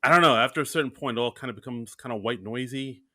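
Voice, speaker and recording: A man's voice: mid-range voice, fast, sharp tone, no room sound, clean studio sound. A man co-hosting a podcast, talking casually and hesitantly with many fillers. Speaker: podcast co-host. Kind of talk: casual chat.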